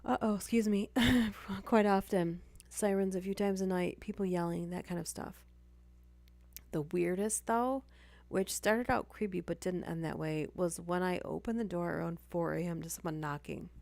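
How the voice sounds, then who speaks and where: Low-voiced woman reading stories live. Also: fairly even intonation, normal speed, gravelly, darkish tone, no room sound. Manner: reads aloud, breaking off for chatty asides and apologies. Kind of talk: casual live-stream story reading.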